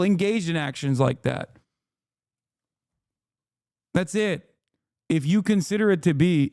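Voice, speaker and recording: Clean studio sound with no echo captures this livestream host's high, slightly mellow male voice. His voice is going, yet he keeps up heated, profane, exasperated reaction commentary into his desk mic.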